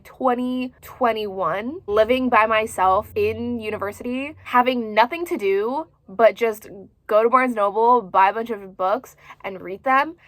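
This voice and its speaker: A woman in her twenties chatting casually as a book vlogger, expressive and full of filler words. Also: on the high side, no echo. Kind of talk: casual chat to camera.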